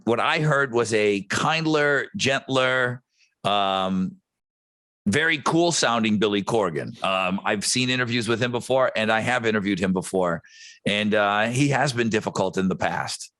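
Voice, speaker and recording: A man co-hosting a music podcast, talking in a rambling, excitable way with frequent restarts. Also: fairly low pitch, unhurried, no room sound. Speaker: podcast co-host. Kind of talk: casual chat.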